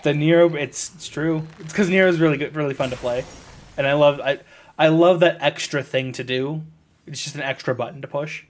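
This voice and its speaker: A man's voice: fairly high pitch, a little fast. An American man casually rambling to viewers while streaming a video game, often correcting himself mid-sentence. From United States.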